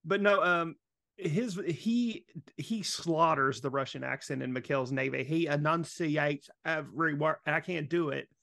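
Gravelly, enthusiastic man. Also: fairly high pitch, a bit bright, no echo, studio quality. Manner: enthusiastic, halting restarts. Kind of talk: casual chat.

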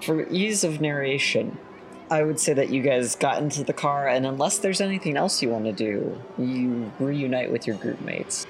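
A man running a tabletop role-playing game as its storyteller, narrating in a measured, relaxed way with light jokes. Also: mid-range voice, a little hiss or hum.

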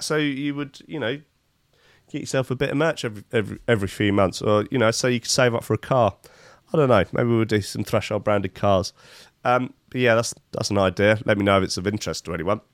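A man's voice: mid-range voice, no room sound. A man hosting a podcast, riffing sarcastically on news stories, with a mid-range voice. He rambles, restarts and drifts into jokes. The sound is dry and close. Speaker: podcast host. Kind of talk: comic news commentary.

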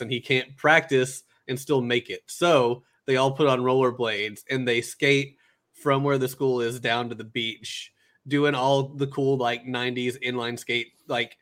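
A man in casual chat, relaxed and agreeable, rambling through ideas with fillers. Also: mid-range voice. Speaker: co-host brainstorming an anime.

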